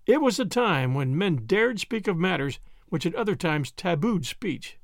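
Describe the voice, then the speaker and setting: A male audiobook narrator reads with expressive, dramatic phrasing. His voice sits fairly high and moves a lot, with a gravelly texture. The recording is dry and close. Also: moderate pace, hardly any pauses, no echo. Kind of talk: scripted narration.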